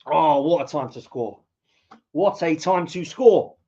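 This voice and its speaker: A man from England commentating live on a match as a fan podcast host, reacting loudly to play and reading viewer comments. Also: on the high side, measured pace. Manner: excitable, shouts at goals, reads out viewer comments. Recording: dull lo-fi mic.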